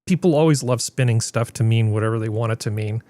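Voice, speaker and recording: A man's voice: mid-range voice, fast, dark tone, dry recording, studio quality. A man hosting a casual panel chat over a video call, rambling with wry asides. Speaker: host.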